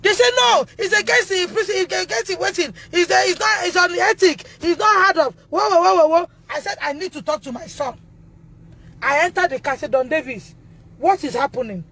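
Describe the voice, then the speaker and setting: A Nigerian woman speaking on a phone livestream, distressed and loud, re-enacting conversations as a mother. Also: very high voice, fairly quick, creaky. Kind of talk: emotional livestream testimony.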